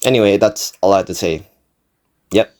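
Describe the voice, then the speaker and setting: A man's voice: fairly low pitch, normal speed, darkish tone. A young man narrating a comedic story about himself, self-deprecating and given to dramatic exaggeration. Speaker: channel creator.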